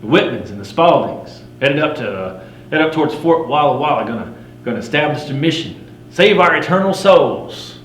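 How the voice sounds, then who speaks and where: A middle-aged man playing a boastful frontier fur trapper, spinning a first-person campfire tall tale in a folksy drawl with rough frontier grammar, wry and swaggering. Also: fairly high pitch, expressive, moderate pace, lightly acted. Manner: swaggering, wry, chuckling at his own yarns. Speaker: living history storyteller. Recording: roomy recording with faint hum.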